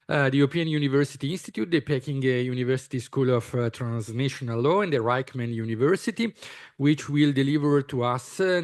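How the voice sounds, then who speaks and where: Halting conference chair, man. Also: mid-range voice. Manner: halting, heavy use of "uh". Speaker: session chair. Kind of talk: moderating a conference session.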